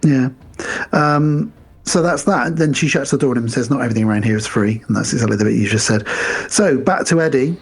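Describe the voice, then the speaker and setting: Husky man retelling a film. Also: medium pitch. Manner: retells scenes with quick quoted voices. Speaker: podcast co-host. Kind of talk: casual film review chat.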